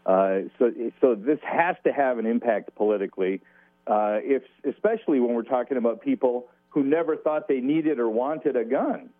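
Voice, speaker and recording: A law professor speaking as a guest on a radio show, measured with a dry humor. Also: male voice, mid-range voice, dry recording, phone-quality sound. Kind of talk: radio interview.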